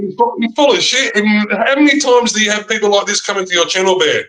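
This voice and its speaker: Argumentative swearing man, very high voice. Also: quick pace, a bit bright, poor audio.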